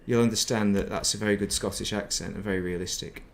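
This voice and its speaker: A man's voice: lowish voice, steady tone, quick pace, noisy background. A middle-aged man chatting casually while streaming a game, rambling and reminiscing and muttering to himself. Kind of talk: casual gaming stream chat.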